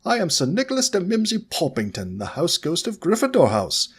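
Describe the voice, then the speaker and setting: A man's voice: sits high, wildly swooping pitch, fairly quick, slightly rough, voice pushed up, exaggerated voice. A man voicing a jolly, courtly old male ghost nobleman in a storybook reading. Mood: cheerful.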